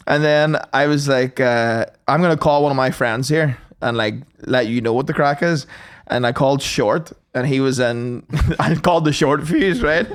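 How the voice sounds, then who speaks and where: A young man, chatting and telling sweary, animated stories as a podcast co-host. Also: a little high, normal speed, clean tone. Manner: animated, sweary, acts out voices. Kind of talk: casual storytelling chat.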